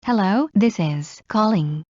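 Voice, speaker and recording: Woman reading phrases slowly, muffled. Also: medium pitch, animated, darkish tone, no room sound. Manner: measured, with a pause after each phrase. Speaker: English phrase reader. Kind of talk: slow read-aloud phrase drill. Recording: dull lo-fi dry recording.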